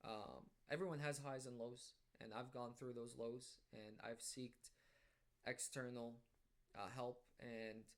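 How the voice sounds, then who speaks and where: A man talks to his camera from home in a casual, meandering monologue. His pitch sits mid-range, and he trips over fillers and restarts as he thinks aloud. Self-conscious yet reflective, he settles into a gently reassuring tone. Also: steady tone, slow pace. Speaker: vlogger. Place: at home indoors.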